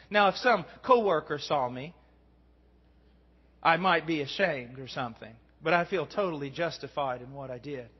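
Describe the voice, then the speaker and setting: A middle-aged man preaching a sermon, earnest, swinging from hushed tones to shouting. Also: on the high side, breathy edge. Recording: dull recording in a long-reverb hall.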